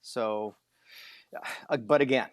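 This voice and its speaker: A man's voice: medium pitch, takes it slowly, no echo. Rambling, folksy male podcast co-host. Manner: rambling, with folksy joking asides. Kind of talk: casual sports chat.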